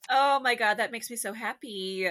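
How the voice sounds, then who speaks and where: A woman's voice: fairly high pitch, moderate pace, a bit bright. A woman co-hosting a podcast in casual chat, laughing often and hunting for words with many fillers. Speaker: podcast co-host.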